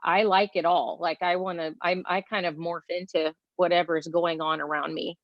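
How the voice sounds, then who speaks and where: A talkative, outspoken woman from Texas, leaning on fillers as she chats. Her voice sits a little low, and it comes through dry and dull, a touch lo-fi. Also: flat delivery, moderate pace, no echo. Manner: chatty, outspoken, many fillers. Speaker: guest. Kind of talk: casual conversation. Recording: dull lo-fi sound.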